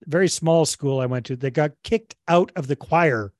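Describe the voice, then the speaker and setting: A man's voice: on the high side, normal speed, a little mellow, no room sound, studio quality. A man hosting a podcast interview in casual, upbeat chat, joking at his own expense. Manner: upbeat, self-deprecating, jokey. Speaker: podcast host.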